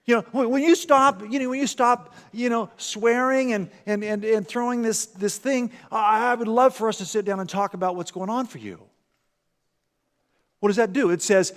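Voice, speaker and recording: A man preaching a sermon in a church, animated, acting out everyday scenes and often repeating words. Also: high-pitched, normal speed, in a large hall. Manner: animated, acts out parent and commercial voices, repeats words. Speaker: pastor. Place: church sanctuary.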